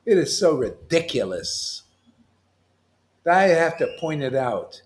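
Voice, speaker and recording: Man, high voice, fiery mocking preacher who yells and laughs. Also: big pitch swings, slow pace. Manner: loud and mocking, yelling at times, laughing. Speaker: spiritual teacher. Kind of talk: animated sermon.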